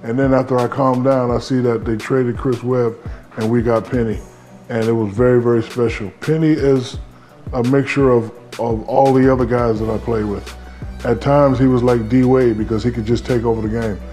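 A man's voice: mid-range voice, fairly even intonation, normal speed, mellow, faint music behind. A man who played professional basketball tells a story in a casual interview, rambling and full of fillers. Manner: rambling, filler-heavy, laid-back. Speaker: former pro basketball player.

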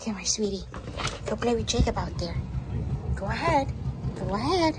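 Young mom cooing baby talk at her kids, high voice, noisy phone video. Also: animated, moderate pace. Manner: coaxing baby talk to a child. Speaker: mother filming family vlog. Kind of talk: casual home video chat.

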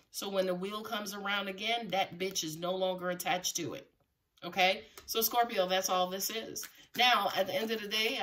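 A woman's voice: mid-range voice, a bit bright, recorded from a distance. A woman giving a live tarot reading to her viewers, talking casually with plenty of swearing and frequent laughter. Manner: casual and profane, laughs often, talks straight to viewers. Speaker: tarot reader.

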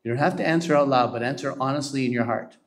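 A man preaching a sermon, often checking that the congregation agrees and slowing down to read scripture aloud. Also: mid-range voice. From Canada. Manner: emphatic, asks the congregation to agree; slows down to quote scripture. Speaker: pastor.

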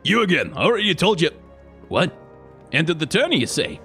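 A man doing a brash gruff tournament boss. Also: fairly high pitch, big pitch swings, a bit bright, faint music behind, pitched above the performer's own voice, full character voice. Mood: brusque. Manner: brusque, hurried.

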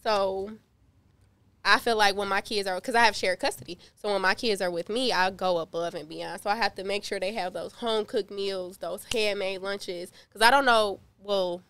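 A woman's voice: mid-range voice, fairly even intonation, moderate pace, a bit bright, clear, resonant tone. A woman in her thirties co-hosting a podcast, frank and laid-back, talking about parenting. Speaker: podcast co-host. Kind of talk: casual chat.

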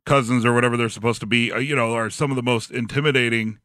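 Male podcast host, bright tense tone, eager, dry close sound. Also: mid-range voice, steady tone, quick pace, no room sound. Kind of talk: casual interview chat.

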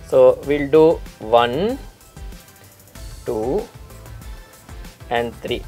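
A man putting on a playful regional Indian accent as a chatty male makeup teacher, giving step-by-step instructions and stacking up "we are ...-ing" phrasing. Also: high voice. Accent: regional Indian, put on. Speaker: makeup artist. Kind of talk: face-painting tutorial.

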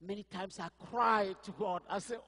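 Husky man preaching in a reverberant hall. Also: on the high side, fairly quick. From Cameroon. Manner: storytelling, swings from quiet asides to loud crying out. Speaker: pastor. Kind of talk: sermon testimony.

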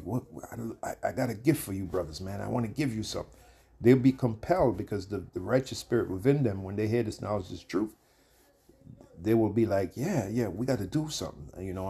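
A man's voice: lowish voice, dark tone, husky. A man giving loose, conversational preaching commentary on a video ministry, full of asides and fillers.

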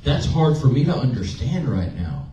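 Pastor preaching in a roomy church. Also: male voice, mid-range voice, very animated, normal speed, warm tone, faint music behind. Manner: conversational, emotional storytelling with audience questions. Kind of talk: sermon. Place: church sanctuary. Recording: roomy, distant, dull church recording.

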